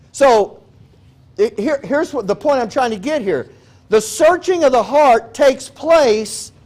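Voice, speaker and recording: Male preacher, high voice, folksy sermon delivery, animated storytelling. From Texas. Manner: folksy, animated, acts out quoted prayers. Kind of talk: conversational sermon.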